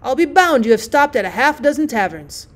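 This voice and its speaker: A woman playing a gruff scolding doctor. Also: high-pitched, big pitch swings, a little fast. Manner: loud, scolding.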